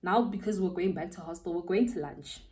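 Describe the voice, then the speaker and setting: A young South African woman, a beauty vlogger, telling a story while doing her makeup, animated and slangy, laughing as she goes. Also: on the low side, brisk, far from the mic.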